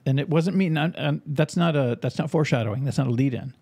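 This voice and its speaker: A man hosting a podcast, casually telling an animated story and acting out the voices of people in it. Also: fairly high pitch, quick pace, slightly rough, no room sound. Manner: animated anecdote telling, acts out quoted voices. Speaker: podcast host and author.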